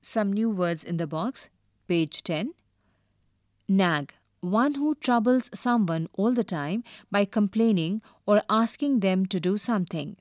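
Woman teacher, storybook reading, slow, lively intonation, word lessons. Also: medium pitch, dry recording, clean studio sound. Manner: slow, careful and expressive.

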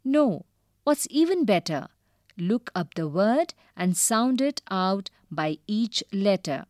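A woman voicing a tiny, loud, bossy male elf in a storybook, with a squeaky, shrieking voice. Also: big pitch swings, takes it slowly, no echo, studio quality. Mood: demanding. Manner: demanding and shouty.

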